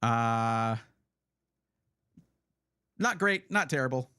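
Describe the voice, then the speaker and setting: A man's voice: medium pitch, animated, drawn-out words, pushed and bright, clear, resonant tone. A man hosting a casual livestream, chatty and rambling, often correcting himself as he talks. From United States. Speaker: livestream host.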